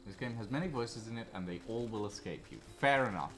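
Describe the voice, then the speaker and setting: A man's voice: on the low side, quick pace, a bit bright. A man streaming a game, chatting casually with chuckling, self-mocking asides. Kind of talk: casual gameplay chat. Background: game music.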